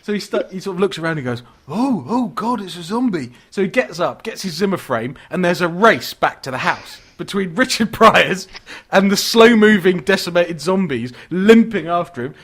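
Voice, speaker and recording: A man's voice: high voice, lively intonation, normal speed, a bit bright. A man co-hosting a podcast, chatting casually about horror films with enthusiasm, laughing often and restarting his sentences as he rambles. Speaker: podcast co-host. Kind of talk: casual horror film chat.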